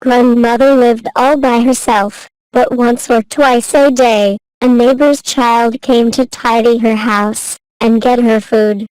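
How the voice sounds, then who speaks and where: Slow, clear woman reading a fairy tale. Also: fairly high pitch, dry recording, rough recording. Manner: slow, careful and even reading. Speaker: storyteller. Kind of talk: scripted fairy tale narration.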